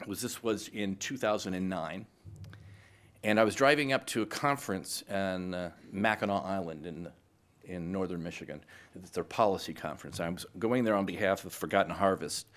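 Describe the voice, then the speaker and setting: Lively middle-aged man telling stories on stage. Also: sits low. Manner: lively storyteller who acts out both sides of conversations. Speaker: guest speaker, PR executive. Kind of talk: anecdotal speech to a live audience.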